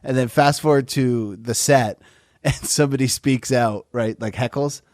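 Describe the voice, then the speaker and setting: A man's voice: mid-range voice, a little slow, a little mellow, no room sound, studio quality. A man co-hosting a podcast, telling stories and teasing his co-host in a crude, laughing way. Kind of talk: casual storytelling chat.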